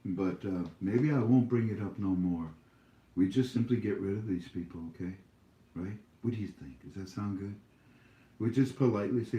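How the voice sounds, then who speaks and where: A lowish, mellow-voiced man lectures his viewers in a scolding, preachy tone, wandering from point to point with plenty of fillers. He talks casually from his home. The room gives his voice a roomy echo. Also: moderate pace, dull audio. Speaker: YouTube channel host.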